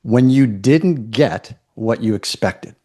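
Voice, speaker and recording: Middle-aged male guest, mid-pitched voice, reflective and measured, restarts his phrases. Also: lively intonation, mellow. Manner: thoughtful, repeats words as he restarts. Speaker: podcast guest. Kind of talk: reflective interview talk.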